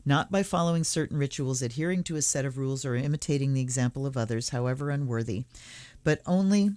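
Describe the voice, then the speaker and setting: A woman's voice: extremely low pitch, darkish tone, no echo. A woman hosting a tarot channel, casually musing and reading book passages aloud in a reflective way. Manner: reflective, musing, slows down for blessings. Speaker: tarot reader and channel host.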